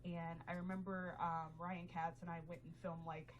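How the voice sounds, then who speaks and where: A woman's voice: fairly low pitch, little pitch movement, normal speed, rough recording. Woman in an interview telling her story, emotional, faint hiss behind. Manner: emotional, candid, acts out quotes. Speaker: interview guest.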